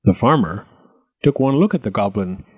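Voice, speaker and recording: A man reading a storybook aloud with an expressive, lilting delivery. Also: fairly low pitch, moderate pace, slightly rough, phone-quality sound.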